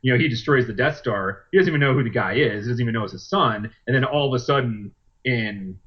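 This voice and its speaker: A man's voice: medium pitch, quick pace. A man co-hosting a podcast in casual chat, rambling through a plot retelling with lots of fillers. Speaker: podcast co-host. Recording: dull lo-fi podcast recording.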